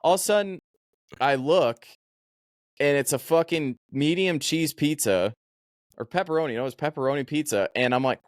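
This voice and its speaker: A man spins a story on his podcast in an animated, foul-mouthed, casual way. His voice sits at a middling pitch. The sound is dry and close to the mic, with no room echo. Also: brisk. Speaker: podcast host.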